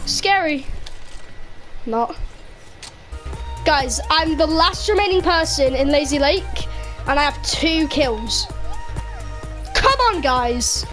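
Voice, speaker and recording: A woman giving excitable, cheeky live commentary over a game she is playing. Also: high-pitched, slow pace, pauses often, soft background music. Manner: excitable, cheeky banter with other players. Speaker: gaming video creator.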